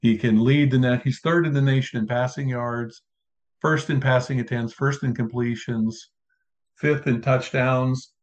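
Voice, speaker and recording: A man's voice: medium pitch, fairly even intonation, a little slow. A man hosting a casual sports talk show, building his argument point by point. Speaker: podcast host. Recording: dull lo-fi sound.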